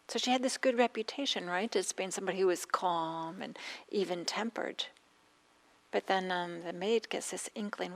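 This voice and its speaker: A woman meditation teacher giving a dharma talk, speaking gently with pauses and a slightly scratchy throat. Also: fairly low pitch. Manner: gentle, soft-spoken with frequent pauses and fillers.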